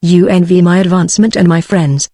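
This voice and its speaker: A text-to-speech woman's voice with a British English accent reads the lines of a proud, wary queen in a flat, even manner. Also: fairly low pitch, fairly quick, dry recording, studio quality. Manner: flat, even synthetic reading.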